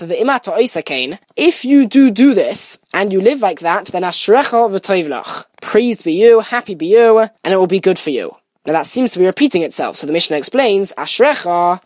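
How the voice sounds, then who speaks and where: A woman's voice: medium pitch, a little mellow, no room sound. Earnest woman teaching Torah, dry sound. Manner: earnest explaining, Hebrew and Yiddish terms woven in. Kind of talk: recorded Torah lesson with storytelling.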